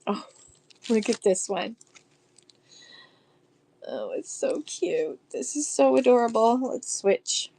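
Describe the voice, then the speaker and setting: A woman's voice: a little high, lively intonation, slow pace, vocal fry, long pauses, dark tone, slightly rough. A woman selling vintage postcards on a live stream, gushing over each card and reading verses aloud in a chatty way. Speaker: live online auction seller.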